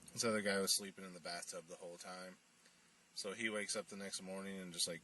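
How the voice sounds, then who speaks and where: A man's voice: deep voice, bright, forceful tone, distant mic, a little hiss or hum. A man casually retelling a movie's plot, rambling with lots of fillers and acting out the characters' lines. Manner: rambling, full of fillers and you-knows, acts out quotes.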